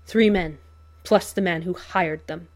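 A haunted male vigilante, worn down by grief, speaks low and raspy in flat, clipped words, as a woman reading the story puts him on. His pace is slow and heavy, with a lowish voice throughout. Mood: weary. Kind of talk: audiobook reading of fan fiction.

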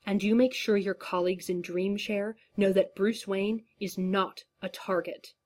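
A woman voicing a menacing male creature who speaks in a low, commanding rumble, reading a story. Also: steady tone, measured pace, a little mellow, close to an everyday voice.

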